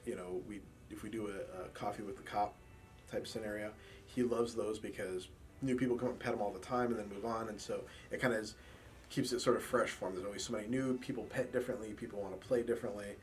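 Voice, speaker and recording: A fast-talking man with a fairly low voice recounts stories in a documentary interview. He works as a campus police officer handling a support dog, and he tells them in a laid-back way, acting out quoted speech.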